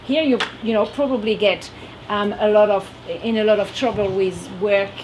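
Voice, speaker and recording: A woman from France with a French accent, giving a lively, laughing talk to a youth audience. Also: mid-range voice, moderate pace, noisy background. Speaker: guest speaker at a youth group.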